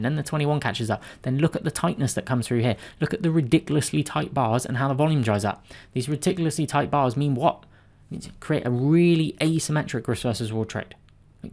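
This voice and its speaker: A man's voice: medium pitch, creaky, darkish tone. A man teaching stock trading, walking through charts in an informal, emphatic way that repeats key points. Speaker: trading educator. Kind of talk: screen-share chart walkthrough.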